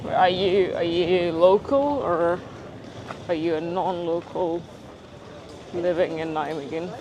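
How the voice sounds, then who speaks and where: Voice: mid-range voice, slow pace, a little mellow, slight background noise, rough recording. A vlogger chatting casually on a walking livestream, laughing often and reading chat aloud from a handheld phone outdoors. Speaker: live-streaming vlogger. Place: outdoors on city streets.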